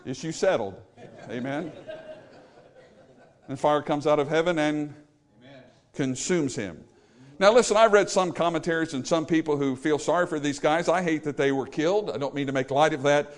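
Male pastor, animated sermon delivery, voice sits a bit high. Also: normal speed, long pauses. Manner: emphatic, animated, paraphrasing scripture with acted quotes.

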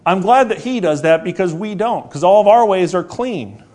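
With a high, expressive, somewhat mellow voice, a man in his forties preaches earnestly and repetitively. He asks rhetorical questions and slows down when stressing key words.

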